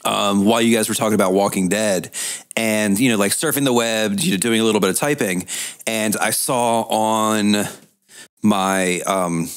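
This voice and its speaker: A man's voice: on the low side, moderate pace, clear, resonant tone. A man co-hosting a podcast on a headset, rambling casually with fillers and the odd curse. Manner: rambling and casual, with many fillers and some swearing. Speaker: podcast co-host.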